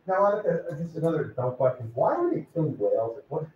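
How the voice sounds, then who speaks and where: A man's voice: fairly high pitch, big pitch swings, fast, slight background noise. A man teaching a law class, casually calling on students by name and asking them questions. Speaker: law professor. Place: lecture classroom. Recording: distant, echoey, dull classroom recording.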